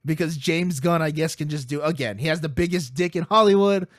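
A man co-hosting a casual wrestling podcast, telling stories excitedly, swearing freely and laughing as he goes. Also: a little high, brisk, no echo, studio quality. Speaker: podcast co-host.

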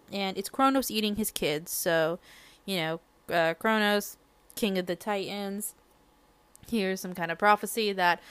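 A woman's voice: mid-range voice, a bit bright, no echo. A young adult woman hosting a casual book podcast, rambling and chatty with giggly side remarks. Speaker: podcast host.

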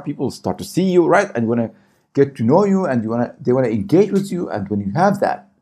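Speaking to camera, this small business YouTuber coaches his viewers and keeps asking "okay?" and "right?" to check in. He has a fairly low, darkish voice with a breathy edge.

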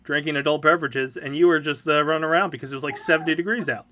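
A man's voice: a little high, very fast, pushed and bright, a little hiss or hum. A man in his thirties hosting a casual family podcast, teasing and dry-humored. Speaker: podcast host, parent.

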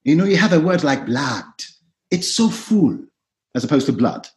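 A middle-aged man, an actor and writer, talking as a podcast guest in an animated, theatrical way. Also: a little high, brisk. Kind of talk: podcast discussion.

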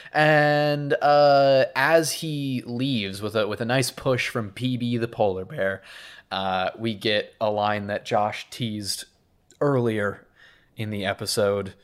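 Male podcast co-host with a relaxed, rambling way of recapping a film. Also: mid-range voice, takes it slowly, smooth. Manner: laid-back, rambling, laughs often. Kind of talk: casual movie recap chat.

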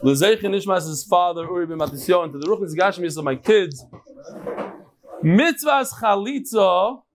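A middle-aged man teaching a daily Mishnah class, animated and joking, mixing Hebrew terms into his English as he demonstrates. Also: high-pitched, moderate pace.

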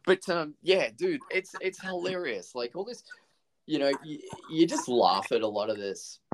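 A man's voice: a little high, expressive, normal speed. Laid-back swearing guy, faint hiss. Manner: laid-back, heavy swearing, rambling restarts. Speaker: podcast co-host. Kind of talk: casual movie chat.

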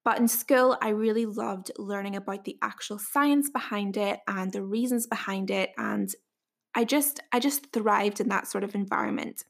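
A woman's voice: medium pitch, expressive, normal speed, vocal fry. Young Northern Irish woman podcaster. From Northern Ireland. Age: 20s. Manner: chatty and careful to enunciate. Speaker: podcast host and dietitian. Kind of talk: casual solo podcast introduction.

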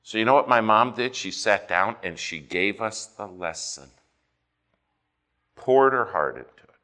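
A male preacher with a bright, forceful voice, set a little low, tells a story from the pulpit. He is animated, dropping to quiet passages and then rising loud again. His sermon delivery is steady and earnest. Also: unhurried.

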